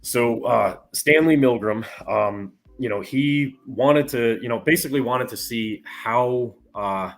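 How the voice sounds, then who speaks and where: A man's voice: mid-range voice, measured pace, few pauses. A man guest on a casual podcast, explaining at length and leaning on "you know" fillers.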